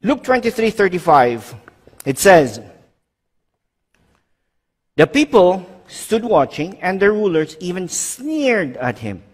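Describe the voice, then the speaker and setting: A man's voice: sits high, very animated, slow pace, long pauses, slightly rough, in a large hall. A man preaching a sermon as pastor, emphatic, swinging his voice up and down for stress and putting questions to his congregation.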